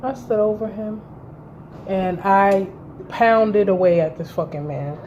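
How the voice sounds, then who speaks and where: A woman's voice: mid-range voice, a little slow, highs cut off, a little hiss or hum. Blunt, foul-mouthed woman vlogger. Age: around 30. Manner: blunt, heavy swearing, animated retelling. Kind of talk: storytime vlog, recounting a fight.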